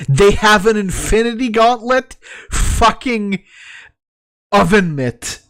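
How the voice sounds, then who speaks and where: A man's voice: sits high, takes it slowly, fairly bright tone, no echo, studio quality. A male streamer reacting to a video, ranting profanely and laughing often.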